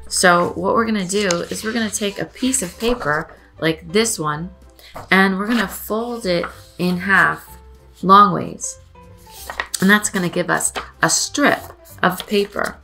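With faint, soft music behind her, a woman whose voice is lowish and slightly gravelly reads aloud to young children at a museum. Afterward she patiently and gently leads them through a craft activity.

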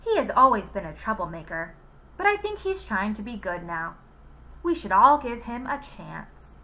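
A woman doing a calm, approving schoolteacher. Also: mid-range voice, moderate pace, poor audio.

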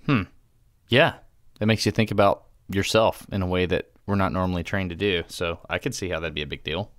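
Earnest male podcast co-host, lowish voice, halting restarts, dry close mic. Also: a bit bright, no echo. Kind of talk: casual chat.

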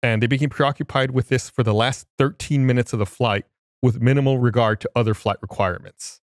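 A man's voice: medium pitch, fairly even intonation, brisk, dry recording, studio quality. A man co-hosting a podcast, explaining things step by step in casual chat. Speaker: podcast co-host.

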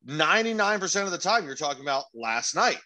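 A man's voice: fairly high pitch, sing-song, fast, pushed and bright, poor audio. A young man co-hosting a podcast, telling stories animatedly with exasperated, profane asides. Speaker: podcast co-host. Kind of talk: casual podcast banter.

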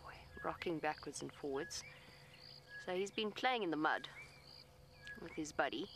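This low-pitched woman talks at a measured pace with lively intonation and long pauses, against background noise. She's a safari guide in her vehicle outdoors, pleading soothingly with an elephant and matter-of-factly describing its behavior to viewers as live commentary.

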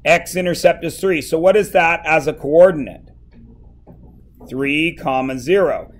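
A man teaching math in a classroom, his voice a bit high and his delivery slow and unhurried. He walks his students through each step and keeps breaking off to tease them, with the students around him in the room. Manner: joking, teasing students.

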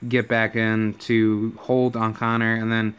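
Young dude vlogging, super hyped, swears a lot, lots of ums, clean bright voice. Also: male voice, on the low side, unhurried, clean tone, lo-fi sound. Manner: excitable, profane, rambling with many fillers. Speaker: YouTuber. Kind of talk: casual vlog commentary.

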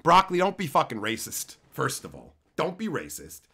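A high, bright-voiced Canadian man ranting on a live stream. His pitch swings widely as he swears and lectures in a heated rush. The tone is sharp and tense. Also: huge pitch swings, normal speed, husky. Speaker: streamer chatting with viewers.

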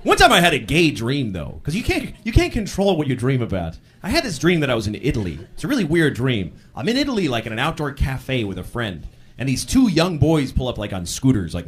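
Animated man doing stand-up. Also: on the high side, fast talker, slightly rough. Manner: animated storytelling, shouting acted-out quotes. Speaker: stand-up comedian. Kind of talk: stand-up comedy set. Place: comedy stage. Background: audience laughter.

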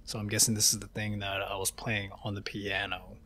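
A man's voice: monotone, brisk, noisy background. Profane man taunting a horror game. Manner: shouts high and loud when taunting. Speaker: gaming YouTuber. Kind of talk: horror game playthrough commentary. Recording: game music behind the voice.

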